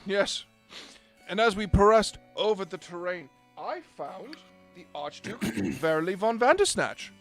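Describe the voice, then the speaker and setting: A man's voice: sits high, animated, measured pace, creaky, fairly bright tone, soft background music, full character voice. A man playing a lewd, mock-proper colonial governor in an improvised tall tale. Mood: pompous.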